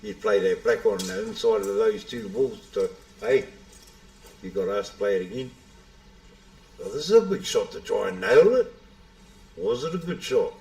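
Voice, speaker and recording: A man's voice: lowish voice, normal speed, gravelly, long pauses. Easygoing New man commentating pool. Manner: relaxed banter, calls everyone bro. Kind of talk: casual live commentary. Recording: echoey room.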